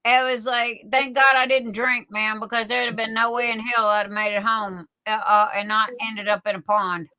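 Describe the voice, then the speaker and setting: A woman's voice: a little high, flat delivery, moderate pace, hardly any pauses, bright, forceful tone, no room sound, rough recording. A woman telling folksy stories in casual livestream chat, often repeating and restarting words. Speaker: livestream guest.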